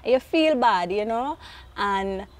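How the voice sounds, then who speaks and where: A woman, a guest telling a childhood story in a lively, quick way. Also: mid-range voice. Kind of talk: storytelling in conversation.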